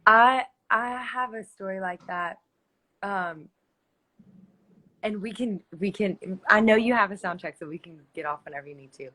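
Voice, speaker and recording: A woman's voice: medium pitch, moderate pace, sharp tone. A woman hosting a casual live stream chat, enthusiastic and rambling. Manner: enthusiastic, rambling, searches for words.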